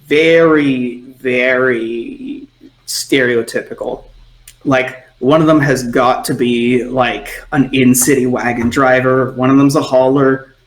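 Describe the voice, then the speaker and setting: A man's voice: mid-range voice, steady tone, slow pace, reverberant. A man narrating a tabletop game as game master, in a loose, filler-heavy way.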